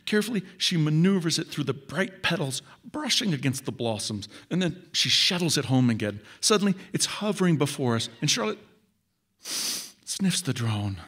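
A male author reading his own short story aloud in measured, expressive first-person narration. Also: fairly high pitch, husky.

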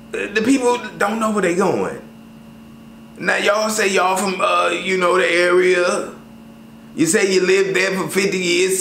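A man vlogs about travel in a loose, slangy, animated way. His voice sits a little high. The sound is roomy, with a faint hum of ambience behind him. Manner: loose, slangy, animated storytelling with many fillers. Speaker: travel vlogger. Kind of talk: casual chat to camera.

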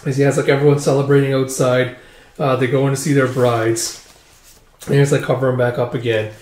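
A man's voice: mid-range voice, flat delivery, a little fast, darkish tone. A man casually recapping a comic book in a loose, rambling way. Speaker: manga reviewer. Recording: roomy echo.

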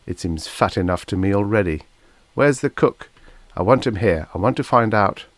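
A stern, suspicious starship captain who gives curt, commanding orders, read by a man. The deep voice is raised slightly for the part, recorded close and dry. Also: lively intonation, moderate pace, no echo, natural voice. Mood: brusque. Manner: brusque and commanding.

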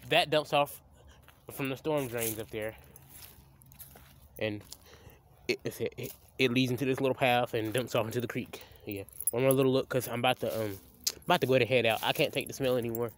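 A man's voice: medium pitch, fairly even intonation, normal speed, long pauses, a little hiss or hum. A young man, filming a casual outdoor vlog by a creek on a handheld phone, rambling and stammering as he restarts his sentences. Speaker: vlogger. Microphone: handheld phone camera.

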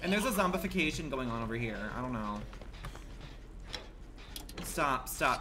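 A man livestreaming a game in campy, slangy commentary that swings between loud outbursts and low mutters. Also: sing-song, moderate pace, slight background noise. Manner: campy and dramatic, full of slang. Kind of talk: live gameplay commentary. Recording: loud game music under the voice.

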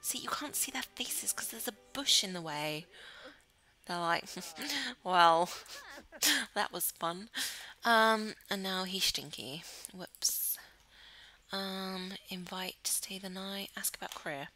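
Soft background music plays under this poor-quality audio of a woman with a mid-range, sharp voice and a slow pace. Hosting a let's play of a life-sim game, she giggles, thinks out loud and frequently drops into a murmur or whisper.

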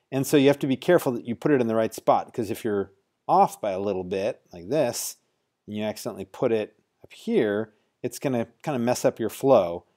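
Brief: man, mid-pitched and mellow, talks through a coding lesson casually, thinking aloud. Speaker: teacher. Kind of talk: screen-recorded coding tutorial.

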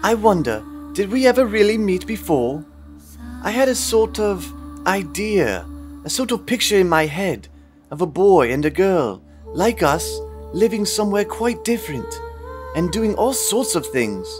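A man voicing a dreamy, thoughtful young girl who talks in an earnest, wondering and gently bossy way. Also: high-pitched, big pitch swings, a little slow, faint music behind, voice pushed up.

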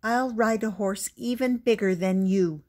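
A woman's voice: mid-range voice, measured pace, a little mellow, close to an everyday voice. An older woman voicing a spirited seven-year-old boy in a storybook reading. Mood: eager.

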